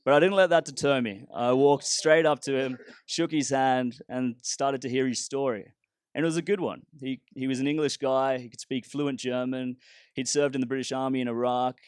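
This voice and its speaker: A man's voice: medium pitch, smooth, no echo, studio quality. A man, a startup founder giving a casual, humorous storytelling talk with a self-deprecating touch.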